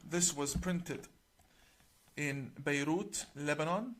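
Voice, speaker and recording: In a fairly bright tone and a somewhat raised pitch, a middle-aged imam explains a religious book to the camera. He's emphatic and deliberate, slowing to stress key terms, and recites Arabic passages.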